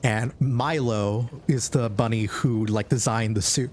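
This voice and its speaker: A man's voice: medium pitch, fairly even intonation, measured pace, darkish tone, a little hiss or hum. A man narrating a tabletop game as game master, casual and rambling with many fillers.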